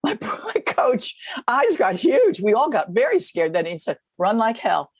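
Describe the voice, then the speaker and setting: A woman's voice: on the high side, wildly swooping pitch, unhurried, breathy edge, no echo. An older woman in an archival interview, dramatically retelling what happened to her. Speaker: interviewee recalling her past.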